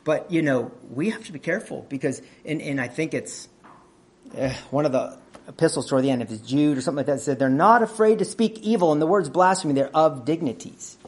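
Husky-voiced man preaching a sermon. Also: on the high side, a little fast, darkish tone. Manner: conversational teaching, asks the audience questions; clears throat often.

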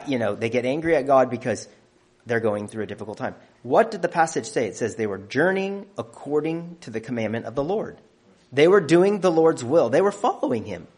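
Man preaching, average pitch, builds emphasis point by point. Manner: emphatic, counting off numbered points. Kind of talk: sermon.

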